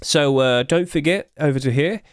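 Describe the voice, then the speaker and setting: Hurried, breathless male YouTube host. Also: a little high, smooth, no room sound, clean studio sound. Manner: hurried, rapid-fire delivery. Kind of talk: casual game skin review commentary.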